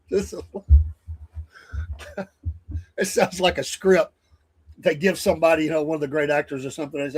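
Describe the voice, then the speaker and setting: Rambling male news commentator, higher voice. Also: moderate pace, long pauses, slightly rough. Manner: rambling, chuckling, off-the-cuff. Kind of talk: casual political commentary.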